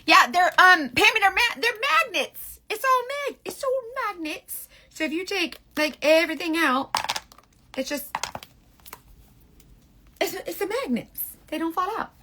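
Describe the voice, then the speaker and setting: A woman's voice: extremely high pitch, animated, a little slow, pauses often, pushed and bright, a little hiss or hum. A woman in her forties hosting a casual live makeup stream, chatty, rambling and candid with her viewers. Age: 40s. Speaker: beauty livestream host.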